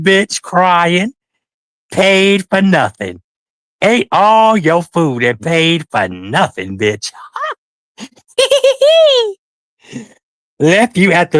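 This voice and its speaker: A man's voice: on the high side, a bit bright, dry recording. A man streaming commentary, who rants at someone and taunts them with profanity. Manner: profane, taunting, confrontational ranting. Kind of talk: livestream commentary.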